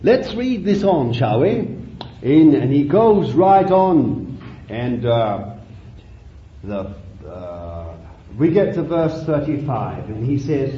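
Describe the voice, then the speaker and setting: A male preacher delivering an impassioned sermon that rises and falls, with drawn-out phrases. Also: mid-range voice, very animated, slight background noise. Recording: roomy, dull lo-fi recording.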